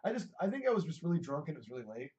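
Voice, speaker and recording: A man's voice: fairly high pitch, sing-song, racing, dark tone, highs cut off. A man co-hosting a casual chat show, talking in an offhand, wry way. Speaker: podcast co-host.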